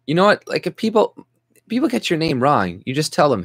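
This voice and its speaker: A man's voice: a little high, sing-song, moderate pace, dry recording, clean studio sound. A man ranting on his video channel in a mocking, profane way, full of rambling restarts. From Canada. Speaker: YouTuber ranting at the camera. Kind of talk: profane sarcastic rant.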